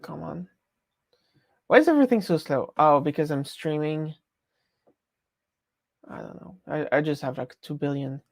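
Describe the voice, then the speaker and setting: A woman's voice: sits low, normal speed, pauses often, darkish tone, no room sound. A woman with a French accent chatting casually on a live stream, rambling and breaking off her own sentences. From France. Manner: rambling, chatty, self-interrupting.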